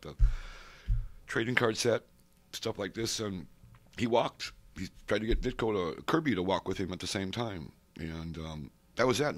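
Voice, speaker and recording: Deep-voiced older man telling long stories. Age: 60s. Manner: digressive, with many asides and restarts. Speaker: interviewee, comics fan and collector. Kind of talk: rambling oral-history storytelling. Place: convention center interview room.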